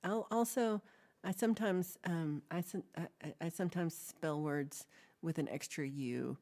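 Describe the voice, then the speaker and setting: A woman's voice: low voice, a little slow, darkish tone. A woman chats on a livestream. She rambles through viewers' comments with playful, giggly asides, in a loose, casual way. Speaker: livestream co-host. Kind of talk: casual chat reading live comments.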